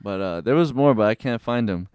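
A man co-hosting a podcast as a religious brother, chatting casually with halting fillers. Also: medium pitch, expressive, a little mellow, clear, resonant tone, no room sound. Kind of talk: casual chat.

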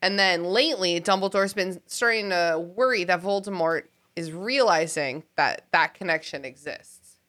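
A woman's voice: fairly low pitch, moderate pace, fairly bright tone. A woman hosting a casual podcast, talking animatedly and with exasperation, laughing often. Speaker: podcast host.

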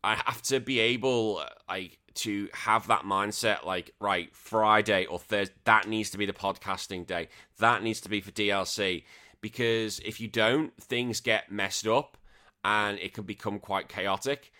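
A man's voice: on the low side, unhurried, sharp tone. A young British man hosting a podcast, chatting casually and rambling through listener questions, swearing now and then. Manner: rambling, swears often, self-deprecating. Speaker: podcast host.

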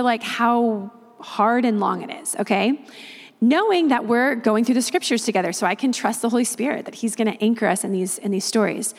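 A woman missionary tells a testimony in a fairly high voice with a gravelly, creaky edge. She talks in a lively way and keeps slipping into the voices of the people in her story. Her voice rings out in a long hall reverb. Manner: animated, retells others' words at length.

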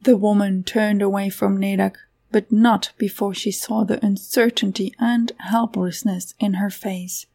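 A woman's voice: mid-range voice, level tone, a little slow, vocal fry, darkish tone. A woman narrating a fantasy story aloud, giving the characters voices of their own. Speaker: audiobook narrator.

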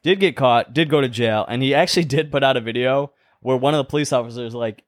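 A man's voice: medium pitch, fast, few pauses, no echo, clean studio sound. A man co-hosting a casual podcast, telling a news story and reviewing a cigar, laughing often. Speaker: podcast co-host. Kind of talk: casual chat.

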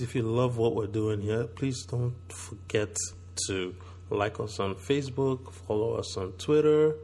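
A man hosts a podcast with a sore throat. His voice sits fairly low, and his chat is upbeat and friendly. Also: darkish tone. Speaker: podcast host. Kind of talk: casual podcast talk.

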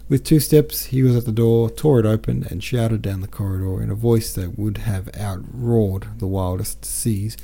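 A man narrating a classic novel as an audiobook, his voice dark and mellow with a lowish pitch. He reads in a measured, even way. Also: creaky. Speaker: podcast host reading a classic novel.

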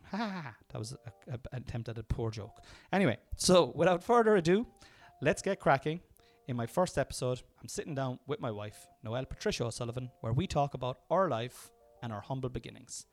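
A man in his thirties with an Irish accent, hosting a casual podcast, self-mocking and restarting his lines often. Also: mid-range voice. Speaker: podcast host. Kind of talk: casual chat, joking. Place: kitchen, then parked car.

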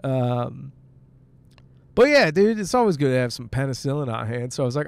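A man's voice: medium pitch, lively intonation, moderate pace, gravelly, dry recording. A man hosting a podcast, talking casually while driving, sick with a sore throat, joking, swearing and laughing often. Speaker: podcast host. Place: car, on the road.

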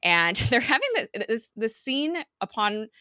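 A woman's voice: a little high, sing-song, unhurried, sharp tone, dry recording, clean studio sound. A young woman hosting a podcast, casually recapping a TV episode with lots of fillers and laughter. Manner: chatty, many fillers, frequent laughter. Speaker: podcast host.

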